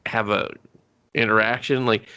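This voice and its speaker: A man's voice: on the low side, little pitch movement, measured pace, sharp tone, clear, resonant tone, highs cut off. A man co-hosting a casual movie review podcast, laughing often and acting out characters in crude mock voices. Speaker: podcast co-host.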